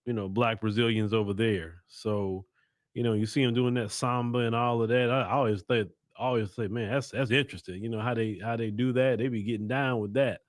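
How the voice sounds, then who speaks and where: A man's voice: medium pitch, steady tone, dry recording. Chill guy running a live stream, lots of ums and restarts, dry close sound. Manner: unhurried, many fillers and restarts, chats with viewers. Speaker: host of a news live stream. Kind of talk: casual live-stream commentary.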